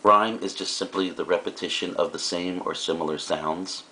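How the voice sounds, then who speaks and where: A man with a very low, deep voice talks through a recorded classroom lecture. He explains things casually and often stops for fillers and side remarks, like a teacher speaking to his students. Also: fairly even intonation, moderate pace, pushed and bright, slight background noise.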